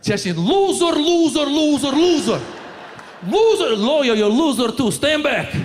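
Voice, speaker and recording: A man putting on a furious, menacing older uncle who shouts short words over and over, slowly and heavily. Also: very high voice, lively intonation, slight background noise, pitched above the performer's own voice.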